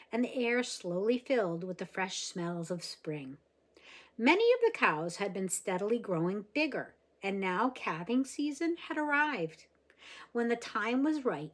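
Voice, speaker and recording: A woman reading a children's novel aloud, expressive and gentle, with small slips here and there. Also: mid-range voice. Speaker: reader.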